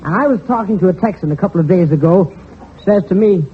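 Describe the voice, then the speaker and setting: A man's voice: sits high, fast, a little hiss or hum. A male comedian telling folksy jokes in a stand-up set, on a tinny old recording. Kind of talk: stand-up storytelling. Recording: tinny old lo-fi audio with crowd.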